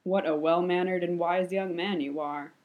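A woman's voice: lowish voice, fairly even intonation, moderate pace, phone-quality sound, natural voice. A woman reading fan fiction aloud, voicing an imposing male ruler who speaks sweetly, with a purr and a cool edge. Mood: smooth, courteous.

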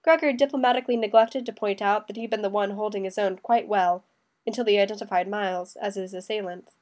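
A woman narrating a story as an audiobook reader. Her delivery is steady and even. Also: medium pitch, fast. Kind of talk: scripted narration.

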